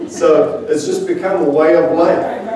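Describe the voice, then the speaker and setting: A guest preacher with a slightly high voice and measured pace gives a sermon in a large church sanctuary, chatting through funny, self-mocking stories and chuckling between them. A crowd can be heard, and the very echoey hall makes him sound far away.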